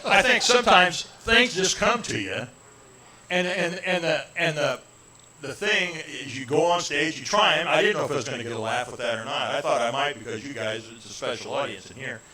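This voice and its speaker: A man's voice: on the high side, expressive, brisk, sharp tone. A middle-aged man, a comedian chatting and telling jokes in a rambling, self-deprecating way. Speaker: comedian guest. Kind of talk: stand-up jokes and casual chat. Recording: roomy live venue with crowd.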